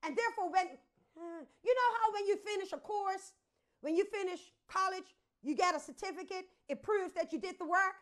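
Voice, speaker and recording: A woman preaching a sermon, moving from hushed, quiet lines to sudden loud swells as she calls out to the congregation. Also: very high-pitched, normal speed.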